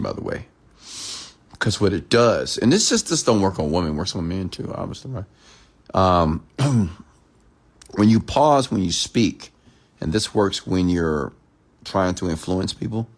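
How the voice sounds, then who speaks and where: A man giving a late-night motivational rant, emphatic and repetitive, sometimes dropping to a hushed whisper to act out lines. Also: low-pitched. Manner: emphatic, repeats "I'm telling you", drops to a hushed whisper when acting out lines. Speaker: entrepreneur and mentor.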